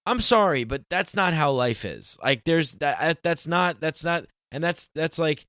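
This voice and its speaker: A man hosting a casual podcast, earnest and emphatic, slowing down to press his points. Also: fairly high pitch, animated, a bit bright, no room sound, clean studio sound. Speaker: podcast host.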